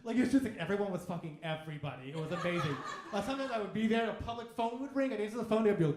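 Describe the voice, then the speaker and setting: High-voiced male stand-up in an echoey club. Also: very fast, hardly any pauses. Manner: animated, crude, acts out voices. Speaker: stand-up comedian. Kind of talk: stand-up comedy set. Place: comedy club stage. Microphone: handheld stage mic. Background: audience laughter.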